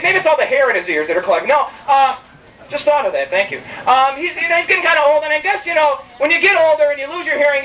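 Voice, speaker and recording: A man's voice: extremely high pitch, pushed and bright. A young man performing a rambling, self-mocking stand-up comedy set, joking with the crowd in a club. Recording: distant mic in a live club, faint room ambience.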